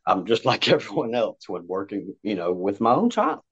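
A man giving parenting advice as a podcast guest, lively and talkative, acting out conversations between parent and child. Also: on the low side, normal speed, husky. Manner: animated, acts out parent-child dialogue. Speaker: guest, youth counselor. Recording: dull lo-fi audio.

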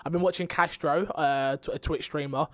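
Animated British man, high-pitched and dry. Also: normal speed, dry recording. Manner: animated, ranting storyteller. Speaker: podcast co-host. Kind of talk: casual chat.

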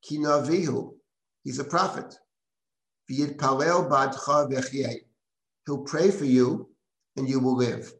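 A man's voice: mid-range voice, fairly even intonation, slow pace, pauses often. A man teaching a live text-study class, reading Hebrew verses aloud and then translating and explaining them with frequent restarts. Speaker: rabbi teaching a Bible class. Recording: roomy echo.

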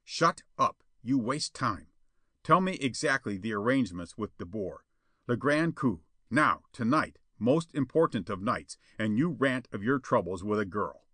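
A man voicing a harsh, domineering middle-aged father and schemer who talks in a loud, commanding way. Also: mid-range voice, animated, measured pace, no room sound.

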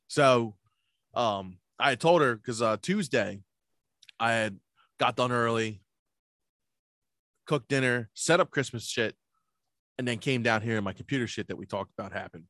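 A man co-hosting a podcast, telling stories in casual chat with lots of swearing, jumping his voice up high when he acts out what people said. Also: normal speed, long pauses, fairly bright tone, dry recording, clean studio sound. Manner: profane storytelling, acts out quoted people in a raised voice. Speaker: podcast co-host.

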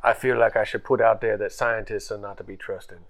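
A man's voice: on the low side, fairly even intonation, a little fast. A man playing a tabletop game, talking in a mock-stern, playful way. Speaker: player. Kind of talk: tabletop role-play chat.

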